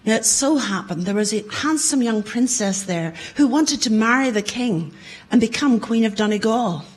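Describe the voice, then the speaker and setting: Dramatic woman storyteller, high voice. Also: expressive, normal speed, breathy edge, rough recording. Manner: dramatic, rising loud in battle scenes. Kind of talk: oral folktale storytelling. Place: conference room before an audience.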